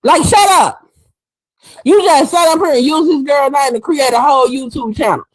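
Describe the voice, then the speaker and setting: A woman's voice: high-pitched, moderate pace, no echo, low-quality recording. A woman hosting a livestream, delivering heated commentary in a fiery, sassy, emphatic way and repeating her points for effect. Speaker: livestream host.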